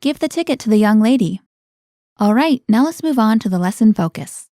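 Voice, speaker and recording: A woman hosting a scripted language-lesson podcast, explaining words clearly and prompting her co-host with questions. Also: on the high side, expressive, a little fast, warm tone, no echo, studio quality.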